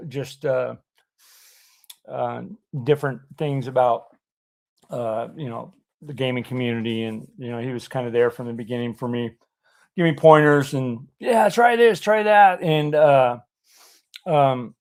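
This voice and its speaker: A man hosting a casual livestream chat, talking in a halting way with many fillers and restarts. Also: mid-range voice, a little mellow. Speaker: livestream host.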